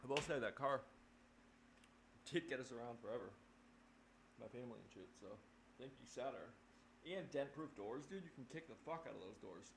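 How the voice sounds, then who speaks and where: A man's voice: mid-range voice, expressive, normal speed, creaky, long pauses, a bit bright. A man in his thirties from New Hampshire, a drummer telling a rambling, laughing story with plenty of swearing in a casual livestream chat. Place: home drum room. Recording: roomy echo with faint noise.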